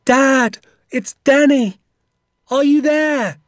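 A man voicing a frightened young boy who calls out and pleads for his father in a high, strained voice. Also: expressive, brisk, darkish tone, slightly rough, no echo, studio quality. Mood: desperate calling.

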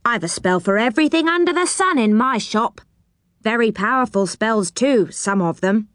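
A woman voicing a grumpy, boastful male goblin who sells spells, gruff and quick to rage. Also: a little high, lively intonation, a bit bright, no room sound, studio quality.

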